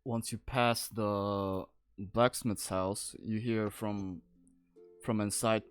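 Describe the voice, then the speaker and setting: A man narrating as game master in a tabletop game, unhurried and laughing often. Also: fairly low pitch, fairly even intonation, clear, resonant tone, soft background music.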